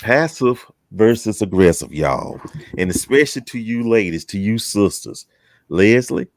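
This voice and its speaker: A very deep-voiced man hosts a relaxed chat show, greeting people with folksy teasing. His voice swings up and down a lot, and the sound is dry and close. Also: a little slow, no echo. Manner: folksy, teasing, drawling southern talk. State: out of breath. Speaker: host. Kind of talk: casual chat show welcome.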